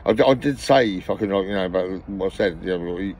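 Middle-aged man, out of breath, rapid swearing ramble, personal vlog. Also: deep voice, a little mellow, a little hiss or hum. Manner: rambling, swears constantly, repeats himself. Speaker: vlogger.

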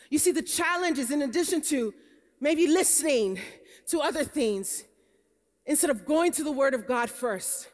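A Nigerian American woman preaches a sermon in a high, bright voice. She tells stories and climbs into emphatic declarations. The sound carries a long hall reverb from the conference venue. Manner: storytelling, rising to emphatic preaching. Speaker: pastor.

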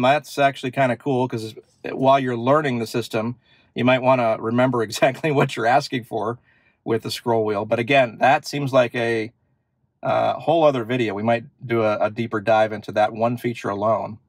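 In a steady, medium-pitched voice at normal speed and with no echo, a man presents features of his parked car for his car channel. It's a casual demo where he thinks aloud and leans on fillers.

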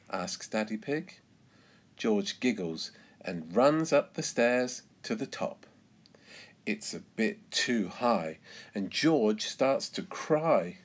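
Man, English teacher, storybook read-aloud, slow, very expressive pitch. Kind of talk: reading a children's storybook aloud.

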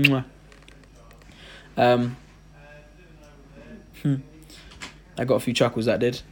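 A man's voice: medium pitch, level tone, slow, pauses often, husky. A young man hosting a casual live stream, reading out viewer comments and joking around. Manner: chatty, reads out viewer comments, jokey.

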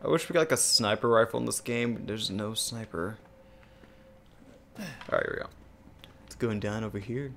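A young man co-hosting a gaming channel, thinking out loud and swearing freely as he plays. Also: on the low side, moderate pace, vocal fry, long pauses, slight background noise. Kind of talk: casual gameplay commentary.

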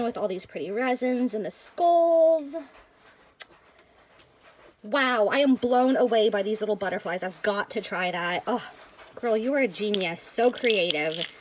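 A woman vlogger chatting excitedly to viewers as she unboxes a package of craft supplies. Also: a little high, a little hiss or hum. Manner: gushing, excitable, addresses viewers as you guys. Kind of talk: casual unboxing chat.

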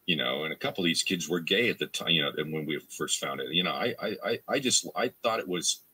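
Deep-voiced man from Canada, bright husky tone, lively pitch, rambling casual interview talk. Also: fast talker. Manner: rambling, with many restarts and fillers; acts out quoted fans in a higher voice. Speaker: voice actor guest.

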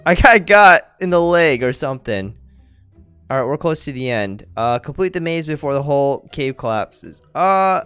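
A young man giving excitable gameplay commentary, talking straight to his viewers and yelping when something startles him. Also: on the high side, smooth, dry recording. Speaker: gaming YouTuber.

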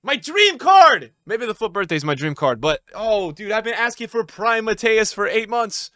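A young adult man streaming live, opening packs and talking to his chat, often shouting with excitement. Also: high-pitched, normal speed, no room sound, clean studio sound.

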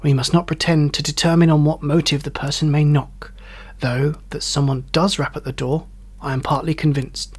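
A man's voice: a little high, little pitch movement, normal speed, hardly any pauses, husky. A man doing a pompous, pedantic old father.

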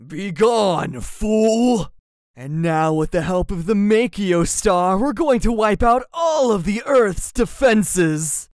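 A man voicing a haughty, smug YouTuber persona, slow and grandly dismissive. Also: high voice, lively intonation, darkish tone, dry recording, clean studio sound. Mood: villainous. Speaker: hired voice actor.

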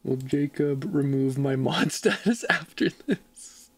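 A man's voice: mid-range voice, takes it slowly, slightly rough, dry recording. A man streaming a game and chatting casually, laid-back and joking at his own expense. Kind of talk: casual gaming livestream chat.

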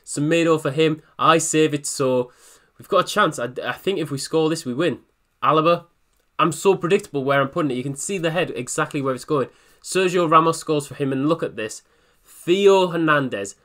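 A young man giving a voice-over commentary on his own football video game matches, excitable and quick to criticize himself, with disbelieving outbursts. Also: on the high side. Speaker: gaming YouTuber.

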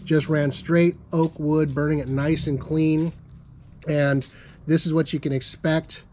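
A man's voice: a little high, flat delivery, measured pace, darkish tone, slight background noise. A man hosting a barbecue channel, tasting ribs and raving about them in a casual demonstration, sometimes with his mouth full. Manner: enthusiastic, tasting food while talking. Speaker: BBQ channel host.

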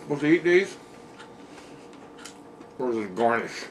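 A man's voice: medium pitch, sing-song, a little slow. A plain-spoken man with a Pennsylvania accent, chatting casually while he taste-tests hot wings at home. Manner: easygoing, plain-spoken, chatty between bites. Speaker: food reviewer. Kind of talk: casual taste-test vlog. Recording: distant mic with noticeable noise.

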